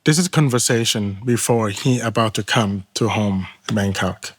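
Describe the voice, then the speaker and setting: Earnest Thai-accented man telling his story. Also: on the low side. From Thailand. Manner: earnest, halting non-native English, acts out dialogue. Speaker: testimony guest. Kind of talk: personal testimony storytelling.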